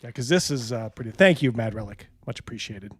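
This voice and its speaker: A man's voice: medium pitch, expressive, fast, slightly rough, dry recording. Mocking man on a dry close mic. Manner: mocking, laughing, loose. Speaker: host reacting to a stream. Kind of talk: casual live commentary.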